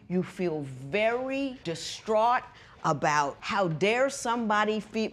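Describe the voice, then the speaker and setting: Emphatic TV judge, woman. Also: lowish voice. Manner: emphatic, lecturing, swings from loud to hushed. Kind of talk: courtroom TV show.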